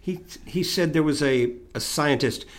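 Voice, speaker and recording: A man from Tennessee and North Georgia co-hosting a casual talk, explaining things in drawn-out stories. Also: a little high. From Tennessee and North Georgia, United States. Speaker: co-host. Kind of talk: casual chat.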